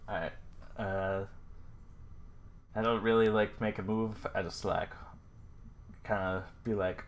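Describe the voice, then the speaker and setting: A man playing in a tabletop game, laid-back and deadpan. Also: fairly low pitch, slow. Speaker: player. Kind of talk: casual tabletop play.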